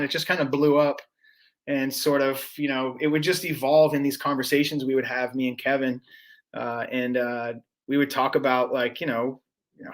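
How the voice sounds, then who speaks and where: A man's voice: mid-range voice, a bit bright. A man talking as a podcast guest, telling a long story in a casual, rambling way, full of fillers, restarts and swearing.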